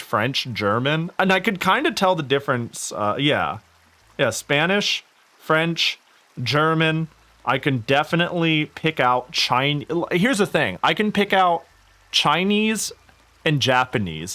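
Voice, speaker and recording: A young man chatting casually while streaming a game, rambling and animated, laughing often and swearing freely. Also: mid-range voice. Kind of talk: casual gaming stream chat.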